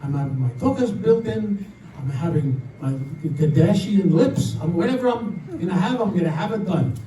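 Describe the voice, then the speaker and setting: A brash, vain woman laying down her demands in short, insistent lines, played by a man in a raised voice. The sound is mellow and roomy, caught from a distance. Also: high-pitched, expressive, moderate pace, a little hiss or hum. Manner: bossy, insistent declarations. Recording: roomy hall, mic at a distance.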